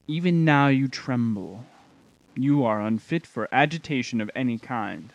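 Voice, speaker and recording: Audiobook magistrate played by a man: formal, steady, middle-pitched, kind with a stern edge. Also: vocal fry, low-quality recording. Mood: earnest. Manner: measured, formal. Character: middle-aged male magistrate, kindly but stern. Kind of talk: audiobook character reading.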